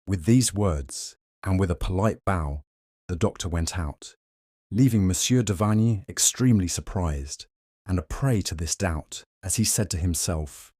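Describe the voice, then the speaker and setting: A man narrating a classic short story aloud in a measured, even storytelling manner. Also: low voice, no room sound, clean studio sound.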